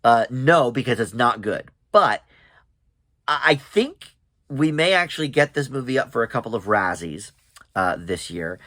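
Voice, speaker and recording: A man's voice: medium pitch, lively intonation, moderate pace, sharp tone, no echo. A man giving a casual, rambling spoken movie review, full of fillers and restarts, chuckling now and then. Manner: chuckles while talking. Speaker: film reviewer.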